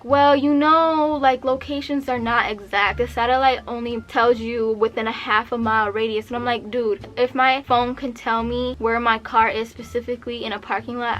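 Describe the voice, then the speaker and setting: A young woman in her twenties telling a story in a casual vlog, acting out the lines of the people in it. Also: slight background noise. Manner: animated, acts out quotes with pitch jumps.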